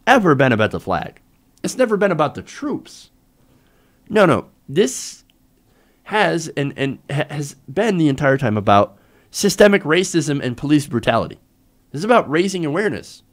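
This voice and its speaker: A man hosting a live political commentary show, ranting in an exasperated, sarcastic way with frequent profanity. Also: on the high side.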